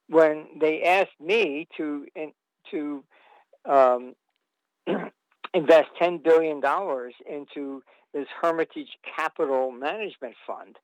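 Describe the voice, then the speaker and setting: A man's voice: on the high side, clean tone, dry recording, rough recording. A man telling long anecdotes as an interview guest, rambling with fillers and restarts.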